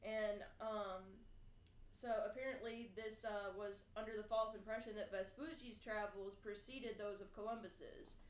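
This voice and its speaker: A woman's voice: medium pitch, fairly even intonation, measured pace. A woman co-hosting a casual podcast, reading out fun facts with lots of fillers and laughter. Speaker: podcast co-host. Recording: echoey room with faint noise.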